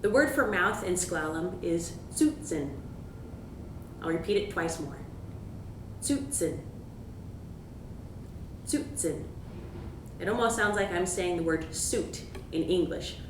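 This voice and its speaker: A woman giving a pronunciation lesson, patiently repeating words slowly for the listener to copy. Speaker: language teacher. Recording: echoey room, distant mic, background rumble.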